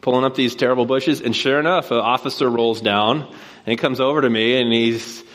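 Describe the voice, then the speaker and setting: A man preaching a sermon from a stage, telling a neighborhood story in a relaxed conversational way and then posing rhetorical questions. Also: medium pitch, fairly quick. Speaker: pastor. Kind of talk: sermon with personal anecdote.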